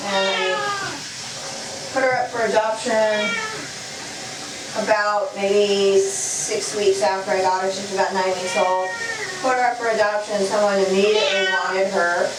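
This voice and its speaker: A woman's voice: medium pitch, steady tone, a little slow, heavy background noise. A woman chatting casually to her camera while she bathes her cats at home, soothing them as she goes. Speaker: cat owner bathing her cats. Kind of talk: casual vlog narration. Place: bathroom at home, tub area. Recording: echoey bathroom, mic at a distance, running water.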